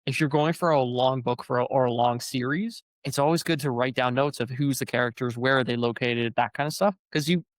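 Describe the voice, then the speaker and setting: A man who is an author and show host leads a casual long-form conversation, thinking aloud in a rambling way packed with fillers. His medium-pitched voice stays fairly even and moves quickly, barely pausing.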